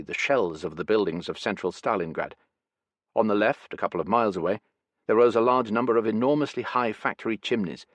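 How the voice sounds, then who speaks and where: A man reading a history audiobook in a measured, even scripted narration. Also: on the low side, no echo.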